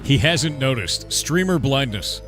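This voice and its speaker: A man's voice: medium pitch, animated, a little slow, fairly bright tone, soft background music. A middle-aged American man streaming live, riffing and joking with his chat in loose banter. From United States. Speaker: game developer streamer.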